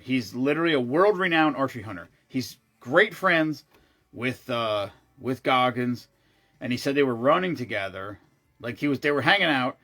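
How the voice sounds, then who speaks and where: A man in casual conversation, talking in loose, rambling runs that often break off and start again. His voice sits in a middle pitch, and he drops in blunt, profane asides as he goes. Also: fairly bright tone. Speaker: show regular. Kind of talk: casual chat.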